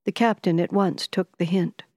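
This is a studio-quality recording with no room sound, in which a woman with a lowish voice tells an audiobook story in a measured, expressive way.

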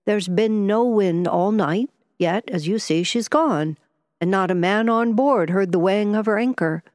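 A woman voicing a gruff older yacht captain who speaks in a stern, deliberate way, in audiobook narration. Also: medium pitch, darkish tone, no room sound, clean studio sound, natural voice. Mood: perplexed. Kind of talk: audiobook character voice.

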